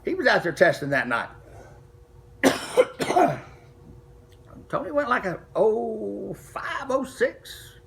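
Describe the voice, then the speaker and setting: Profane, animated middle-aged man. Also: high voice. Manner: profane, animated, acts out quoted dialogue. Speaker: street racer telling a story. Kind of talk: casual storytelling to camera.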